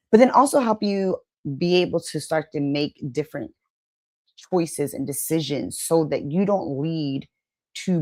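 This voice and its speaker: A woman giving a motivational wellness talk to camera, emphatic and conversational, often checking in with "right?" and acting out quoted inner voices. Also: deep voice. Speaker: wellness coach and channel host.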